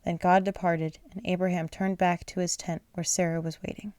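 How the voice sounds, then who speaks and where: A woman's voice: fairly low pitch, flat delivery, normal speed, a little mellow, no room sound. A woman reading a children's bible aloud at bedtime, sleepy and yawning, often stumbling over words and apologizing. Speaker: reader.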